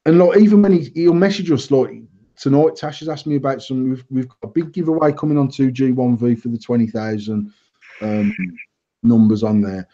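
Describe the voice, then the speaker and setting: A man's voice: medium pitch, brisk. A man, host of a casual banter show, telling blunt, sweary stories. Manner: sweary storytelling, lively and blunt. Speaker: host and vape company owner. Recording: dull lo-fi live stream audio.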